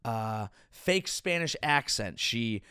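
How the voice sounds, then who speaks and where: A man's voice: mid-range voice, slow, smooth. A man hosting a comedic podcast, ranting with sarcastic, mocking riffs. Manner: sarcastic, mocking, lively riffing. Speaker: comedian and host.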